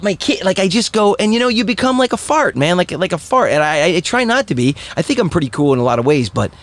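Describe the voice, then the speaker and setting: A man in his forties from the Philadelphia area chats as a podcast guest. His voice sits a little high and swings widely in pitch as he tells stories. He talks in an animated way and keeps jumping into quick impressions. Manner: animated, jumps into voices while telling stories. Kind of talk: casual storytelling chat.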